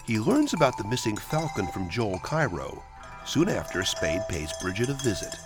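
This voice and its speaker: A man hosting a radio program, giving scripted narration in a measured, even announcing style. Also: lowish voice, over loud music.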